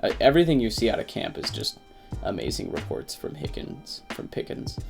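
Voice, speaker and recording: A man giving casual, excitable commentary on his fantasy football draft, who swears at picks. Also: on the low side, fairly quick, vocal fry, music in the background. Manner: says he slipped into a put-on accent.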